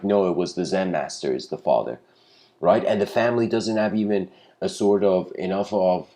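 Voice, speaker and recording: A man's voice: low voice, darkish tone. A man giving an informal spiritual lecture, telling a story in a loose, rambling way that stops to correct itself and is full of fillers.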